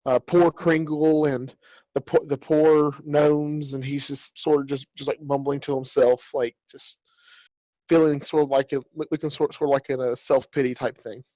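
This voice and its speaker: Rambling male game master, slightly high voice. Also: flat delivery, moderate pace, a little mellow, no room sound, low-quality recording. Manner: rambling, with many fillers and restarts. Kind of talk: narrating a tabletop game.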